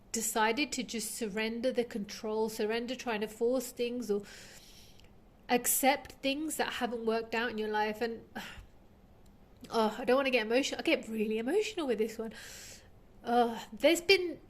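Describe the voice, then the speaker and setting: A woman's voice: fairly high pitch, normal speed. A woman giving an intuitive tarot reading to her viewers, earnest and heartfelt, rambling with many fillers. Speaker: tarot reader.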